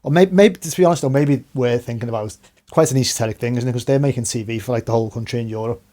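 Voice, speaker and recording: Quick, mellow-voiced Scouse man. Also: medium pitch. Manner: conversational, asks tag questions. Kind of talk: casual chat.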